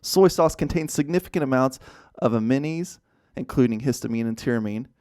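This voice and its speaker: A man co-hosting a casual podcast, joking in an animated, mock-serious way. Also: mid-range voice, a little fast, no room sound, clean studio sound. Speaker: podcast co-host.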